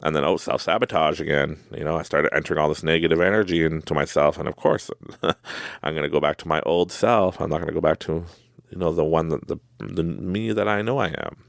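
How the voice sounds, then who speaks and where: A man's voice: a bass voice, a little fast, creaky, dry recording, studio quality. A man hosting a podcast, telling motivational stories in a rambling, casual way with many fillers and asides. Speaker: podcast host.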